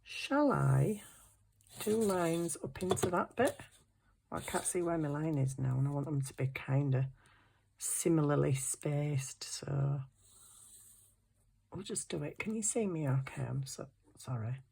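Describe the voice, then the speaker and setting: A woman's voice: deep voice, expressive, a little slow, gravelly, pauses often, dark tone, breathy edge. A middle-aged woman, chatting to herself while crafting in a casual vlog, flustered and apologetic. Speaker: craft channel host.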